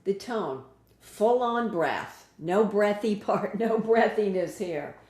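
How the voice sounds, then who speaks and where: Slow-spoken woman voice coach, mellow tone. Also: mid-range voice, reverberant. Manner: measured, list-like delivery with pauses. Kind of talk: scripted lesson narration.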